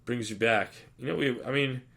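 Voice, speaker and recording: A man's voice: mid-range voice, normal speed, gravelly, fairly bright tone. A man hosting a podcast, telling rambling, profane stories in casual chat in a studio. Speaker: podcast host.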